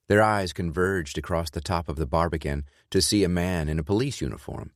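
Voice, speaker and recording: Deep-voiced male audiobook narrator. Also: no echo, studio quality. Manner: measured, even reading. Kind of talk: scripted narration.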